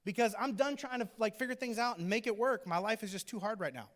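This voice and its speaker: A man's voice: high-pitched, fast, voice pushed up, natural voice. A male preacher voicing a desperate, exasperated poor widow who is ranting about her hardship.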